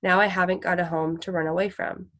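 A woman voicing a frail, husky eighteen-year-old boy of the road, blunt and fierce. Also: fairly low pitch, flat delivery, a little fast, fairly bright tone, lightly acted. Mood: streetwise.

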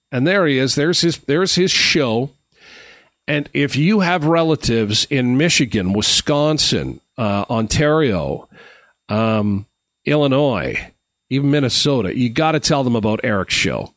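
A man's voice: mid-range voice, a bit bright, dry recording, studio quality. A middle-aged man from Canada, hosting a live stream and telling rambling, friendly anecdotes with lots of fillers and restarts. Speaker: host. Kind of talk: casual storytelling on a live stream.

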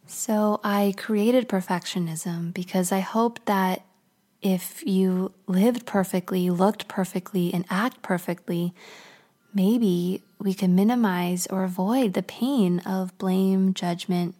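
A woman voicing Shame, a slumped, weary male figure who speaks low and confidingly, in a whispered story role-play. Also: steady tone, slow pace, mellow.

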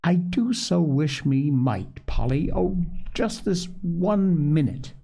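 Guy putting on a tiny earnest girl voice, high, slow and wondering, gravelly underneath. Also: expressive, dark tone, full character voice. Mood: wistful. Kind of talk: storybook reading.

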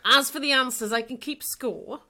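A woman co-hosting a podcast, chatting casually and briskly laying out how the quiz will run. Her voice is a little high, with a very bright tone. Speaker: podcast co-host running a quiz. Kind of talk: casual chat.

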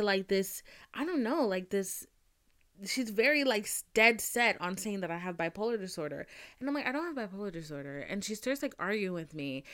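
A young woman podcast host telling a story in a casual, blunt, profane rant, acting out the other people's lines as she goes. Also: medium pitch. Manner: blunt, profane, animated retelling with mimicked quotes.

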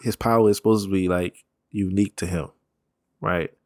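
Deep-voiced man, loose slangy chat. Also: steady tone, no room sound, studio quality. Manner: loose, rambling, profane slang, quick laughs. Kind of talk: casual chat.

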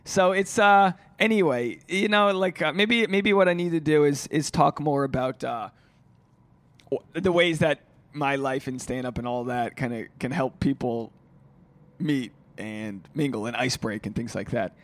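A man's voice: mid-range voice, a little slow, no echo. A man who is a stand-up comedian, talking alone on his podcast in a rambling, profane, casual way. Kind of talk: solo podcast monologue.

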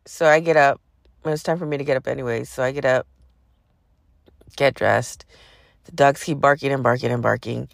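A woman's voice: rumbling low, normal speed, vocal fry, pauses often, dry recording, clean studio sound. A woman hosting a podcast, casually telling a personal story in a profane, sarcastic way. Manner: profane, sarcastic, animated retelling. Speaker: podcast host.

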